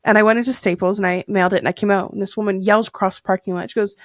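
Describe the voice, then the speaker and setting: A woman's voice: mid-range voice, steady tone, very fast, no echo, clean studio sound. A woman in her thirties chatting candidly as a podcast guest, rambling with fillers and restarts. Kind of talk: candid casual chat.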